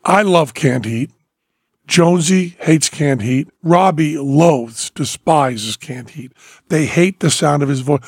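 Chatty guy hosting a podcast, kinda high voice, super animated storyteller, dry close sound. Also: slow, slightly rough, no room sound. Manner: animated storyteller, bursts into sung snippets. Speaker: podcast host. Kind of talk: casual chat.

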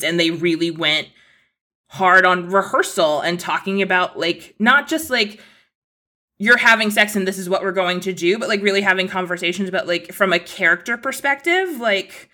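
A young woman with a bright, sharp voice, talking as a journalist guest on a casual podcast. She rambles freely, stringing thoughts together with constant "like"s. Her pitch sits at an ordinary middle height for a woman. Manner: rambling, many "like" fillers, laughs often.

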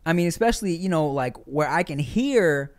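A man co-hosting a podcast in casual chat, relaxed and slangy, often checking in with the listener. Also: fairly high pitch, moderate pace. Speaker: podcast co-host.

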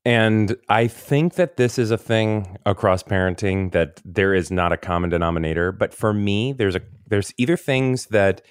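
Low-voiced man, rambling and chatty. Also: normal speed, hardly any pauses, clear, resonant tone, no room sound, studio quality. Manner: rambling, self-interrupting, laughs often. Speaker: podcast co-host. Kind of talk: casual chat.

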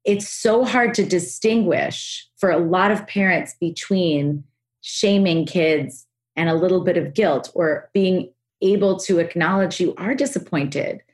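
Woman host, lowish voice, eager interviewer who restarts and rushes through ideas. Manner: enthusiastic, fast, restarts and rushes through thoughts. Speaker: podcast host. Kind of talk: podcast interview.

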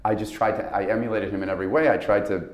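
Deep-voiced man rambling in an echoey room. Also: fairly even intonation, dull audio. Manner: rambling, halting storyteller with many restarts. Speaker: actor guest. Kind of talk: casual interview chat.

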